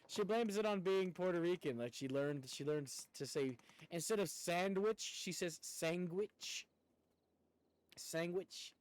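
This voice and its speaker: A man's voice: high-pitched, expressive, unhurried, a little mellow, no echo. A man streaming a game, chatting casually with viewers in a rambling way and laughing often. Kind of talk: casual chat while gaming.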